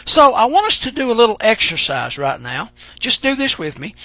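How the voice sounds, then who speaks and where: A man preaching a sermon, speaking emphatically and pausing for drama. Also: high-pitched, huge pitch swings, pushed and bright, no echo. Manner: dramatic pauses and emphatic delivery.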